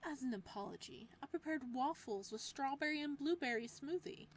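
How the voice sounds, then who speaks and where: A woman voicing a possessive male librarian who holds someone captive, reading the lines of a visual novel slowly and gently. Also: high-pitched, animated, a little hiss or hum, voice pushed up. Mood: gentle, doting. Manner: slow, gentle, controlled, with menace beneath. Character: possessive soft-spoken male librarian captor.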